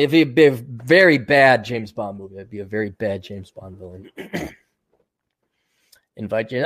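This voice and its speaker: A man's voice: mid-range voice, measured pace, pauses often. A man hosting a casual livestream, reading out donations and rambling in a crude, self-mocking way.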